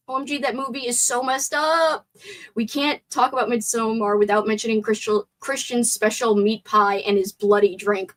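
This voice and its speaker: A woman's voice: a little high, moderate pace, poor audio. Chatty woman streamer with a sore throat. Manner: chatty and excitable, reads viewer comments aloud. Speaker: live stream host. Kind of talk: casual live stream movie chat.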